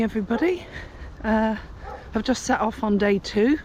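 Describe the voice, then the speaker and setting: A woman's voice: a little high, moderate pace, dull audio, background noise. An older woman chatting casually to camera while walking outdoors on a pilgrimage trail, rambling with many fillers. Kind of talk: casual walking vlog chat. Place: outdoors on country paths.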